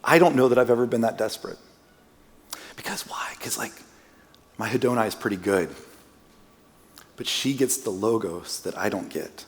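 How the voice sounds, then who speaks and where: Here a lowish male voice moves at a moderate pace with long pauses. He is a visiting preacher in a church sanctuary, sharing a personal story in relaxed, self-mocking sermon fashion with jokes tossed in, and the hall's long reverb hangs on his words.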